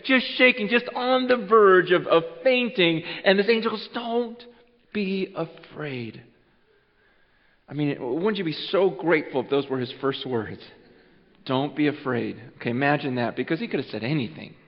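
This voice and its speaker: Earnest male pastor with a high voice giving a holiday sermon, shifting from loud to hushed, recorded dull in a reverberant hall. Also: brisk, few pauses. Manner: earnest, repeats words, swings from loud urging to hushed. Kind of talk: Christmas Eve sermon. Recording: muffled sound with long hall reverb.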